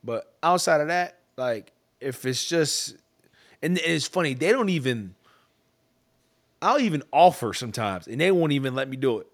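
A man's voice: on the high side, expressive, moderate pace. A man in his thirties, a father, telling family stories in a casual, profane chat. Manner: profane, laughing storyteller.

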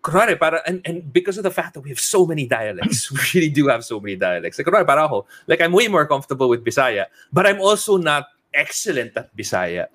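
A man in his thirties in casual podcast chat, switching between English and Tagalog, laughing often and tossing in quick asides. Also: a little high, very animated, fairly bright tone. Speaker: podcast co-host.

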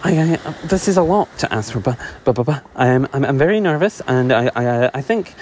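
A man's voice: lively intonation, brisk, darkish tone, slight background noise, close to an everyday voice. A man voicing a small, timid female worker bee who stammers anxiously. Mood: pleading. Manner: anxious, stammering, high-pitched.

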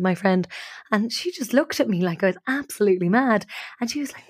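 A woman podcast co-host telling a funny personal story in an animated, self-mocking way. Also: medium pitch, a little fast, dry recording, clean studio sound. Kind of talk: casual storytelling.

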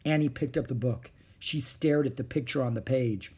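A man reading a children's chapter book aloud with expressive, varied intonation. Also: mid-range voice, normal speed, breathy edge. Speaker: audiobook narrator.

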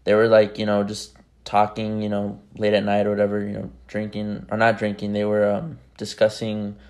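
A man's voice: fairly low pitch, monotone, moderate pace, darkish tone. A man hosting his own podcast, talking casually and rambling with lots of fillers. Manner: rambling, chatty, many fillers. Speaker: podcast host.

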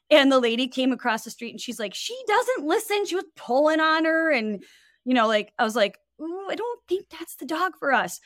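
A woman, a wellness coach, telling a story in casual podcast chat, animated and full of fillers. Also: on the high side, dry recording, clean studio sound. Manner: animated, lots of fillers and quoted voices.

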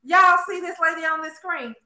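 A woman with a high, bright, sharp voice talks in an animated, gossipy way and keeps throwing in "honey" and "girl". Her voice rings in a roomy, echoey space, and she sounds like she is hosting a casual chat. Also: normal speed. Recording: roomy echo.

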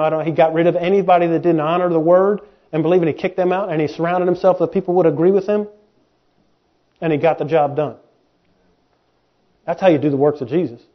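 A man with a high, light voice preaches in a folksy, animated style, bouncing between plain talk and quick mimicked voices of doubters. The audio is dull and lo-fi, like a home podcast recording. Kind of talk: sermon.

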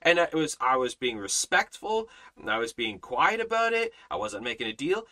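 Bright, emphatic male Bible teacher. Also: medium pitch, animated, normal speed, rough recording. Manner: emphatic, repeats phrases, many restarts. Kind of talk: sermon-style Bible study.

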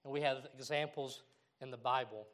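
A middle-aged man preaching a sermon in a church, animated and acting out the voices he quotes. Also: mid-range voice, normal speed. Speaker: pastor.

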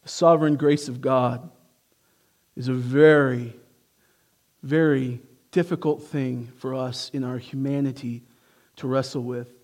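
A man preaching a sermon, emphatic and swinging from hushed to forceful, who asks his congregation rhetorical questions. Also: medium pitch, fairly even intonation, a little slow, pauses often.

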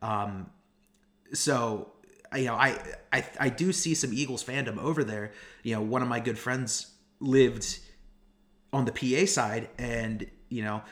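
A man's voice: medium pitch, unhurried. A young man from Pennsylvania co-hosting a casual podcast chat, rambling with many restarts. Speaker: podcast co-host.

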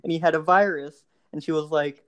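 A young man with a slightly high voice chats casually and tells a story. He rambles, restarts his sentences and laughs often as he goes. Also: steady tone, brisk, lo-fi sound. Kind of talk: casual podcast chat.

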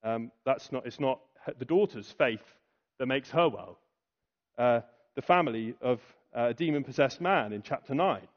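A man preaching a sermon, asking rhetorical questions and pausing for effect. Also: medium pitch, lively intonation. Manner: rhetorical questions, dramatic pauses and acted quotes. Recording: dull lo-fi recording.

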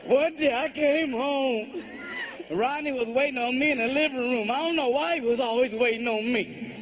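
A man telling a stand-up comedy story, animated and laughing along, over audience laughter. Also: very high-pitched, moderate pace, background noise.

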